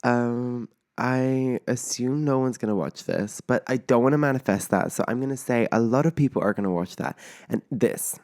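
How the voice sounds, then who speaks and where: A man's voice: mid-range voice, moderate pace. Dramatic, rambling young man. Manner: animated, dramatic storytelling with lots of "like" fillers; rambling, self-mocking, swears freely. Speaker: podcast host. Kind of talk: casual solo podcast chat.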